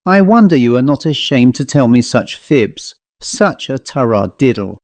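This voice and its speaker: A sharp-tongued young woman bookkeeper, as a male reader puts her on, raising her voice a little in exasperated scolding. The tone stays mellow and warm, and the recording is close and dry, with no room sound. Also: medium pitch, sing-song, normal speed, dry recording. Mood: scornful.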